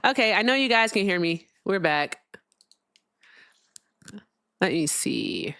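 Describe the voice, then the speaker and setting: A woman's voice: medium pitch, big pitch swings, takes it slowly, vocal fry, a bit bright, no room sound, clean studio sound. A young woman hosting a casual livestream, chatting with her viewers while she fixes her sound. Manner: chatty, talks to viewers, fiddles with sound settings. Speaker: livestream host.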